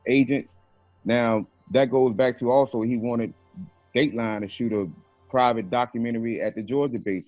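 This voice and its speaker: Animated man telling a story, dry sound. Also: mid-range voice, no echo. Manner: animated, profane, acts out quoted phone calls. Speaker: interview guest. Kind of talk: casual storytelling interview.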